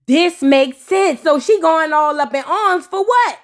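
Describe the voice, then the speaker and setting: Sassy woman, high-pitched, comedic TV recap host. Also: animated, measured pace. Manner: sassy, playful, switches into character voices. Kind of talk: comedic recap with acted-out quotes.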